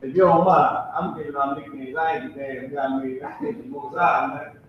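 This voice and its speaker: A man teaching a language class in a classroom with a whiteboard, talking loose and slangy and drilling pronunciations by repeating them slowly. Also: medium pitch, fairly even intonation, slight background noise. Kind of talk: casual classroom instruction. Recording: echoey room, distant and muffled.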